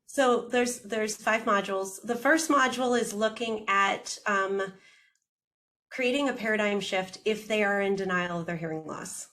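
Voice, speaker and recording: A woman audiologist talking in a casual interview, lively and quick, acting out what her patients say. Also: medium pitch. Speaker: audiologist guest.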